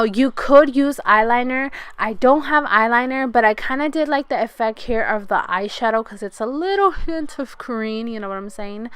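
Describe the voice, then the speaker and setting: A woman's voice: a little high, fairly bright tone, clean tone, dry recording. A woman, chatting casually through a makeup tutorial as a beauty vlogger. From California. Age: 20s. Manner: chatty, casual, addresses viewers as "you guys".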